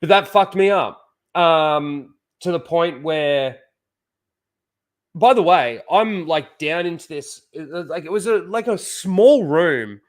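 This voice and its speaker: Young Australian host, casual profane storyteller, loose and rambling delivery. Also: male voice, fairly high pitch, animated, slow pace. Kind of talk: casual chat.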